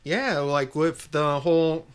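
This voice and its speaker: Clear, higher-voiced male co-host. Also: slow pace. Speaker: podcast co-host. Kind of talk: casual wrestling chat.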